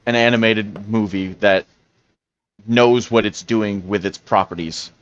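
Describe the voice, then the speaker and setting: A man's voice: lowish voice, fairly even intonation, moderate pace, fairly bright tone, clean tone, dry recording, lo-fi sound. A man co-hosting a podcast, talking casually and rambling with frequent restarts and fillers. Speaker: podcast co-host. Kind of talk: casual chat.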